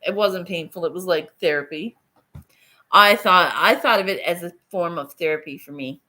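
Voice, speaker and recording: A woman's voice: on the low side, normal speed, bright, forceful tone. A middle-aged woman hosting a casual livestream from her phone, rambling, swearing casually and laughing often. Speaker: livestream host.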